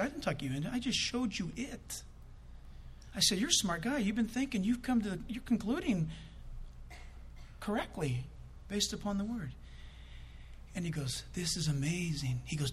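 A male preacher spins a personal anecdote, acting out the dialogue as he goes. His voice sits very high and bright. It swoops up and down with lively energy. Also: slight background noise. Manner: storytelling with acted-out quotes, bursts of laughter. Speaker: preacher telling a personal story. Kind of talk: animated sermon anecdote.

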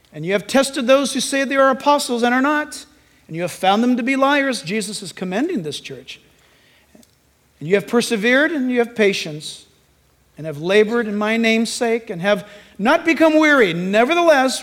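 A man's voice: high voice, long reverb tail. A pastor preaching a sermon to his church, telling stories and acting out voices along the way. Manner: animated storytelling, acting out voices.

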